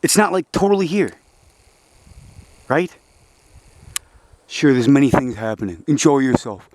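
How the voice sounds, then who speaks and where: A young man in a rambling, profane monologue, agitated and preachy, dropping to low, frustrated mutters. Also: very animated, measured pace, a little mellow. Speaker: vlogger.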